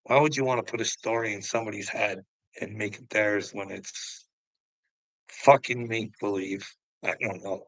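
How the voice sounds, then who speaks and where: A man's voice: fairly low pitch, fairly even intonation, normal speed, no echo, low-quality recording. A man livestreaming to his chat, ranting in a profane, confrontational, goading way.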